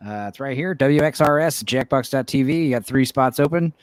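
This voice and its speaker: A man's voice: mid-range voice, brisk, no room sound. A man hosting a casual podcast game night, talking loosely and laughing often. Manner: loose, rambling, laughs a lot. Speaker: podcast host. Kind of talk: casual chat while hosting a game stream.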